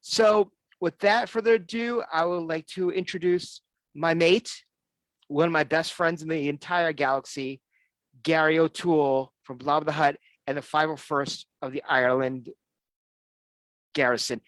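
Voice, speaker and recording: A man's voice: a little high, fairly even intonation, moderate pace, fairly bright tone, no echo. Man hosting a fan show, eager, rambling talk, dry close sound. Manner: rambling, enthusiastic, with frequent restarts. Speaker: host of a fan-group show. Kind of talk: casual online show chat.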